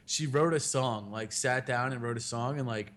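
A man in his thirties hosts a podcast, his medium-pitched, fairly bright voice moving at normal speed. In casual chat he tells rambling stories and swears a lot.

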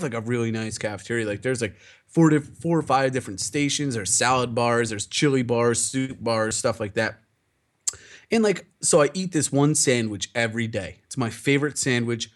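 A young man rambling through a story in casual chat, acting out the dialogue and swearing often. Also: mid-range voice.

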